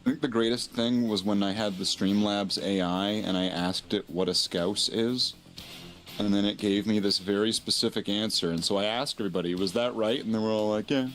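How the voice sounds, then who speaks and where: Low-voiced joking guest streamer. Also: male voice, fairly bright tone, soft background music. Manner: playful storyteller, quick to tease. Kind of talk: casual live-stream chat.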